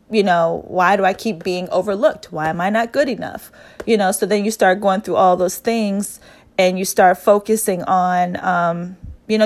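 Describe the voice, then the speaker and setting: An earnest woman talking through her thoughts in a personal monologue. She circles back on her own phrases to stress them, and her speech is loose and unscripted, with fillers along the way. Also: fairly low pitch. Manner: earnest, repeats phrases for emphasis, frequent fillers. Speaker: speaker sharing personal reflections.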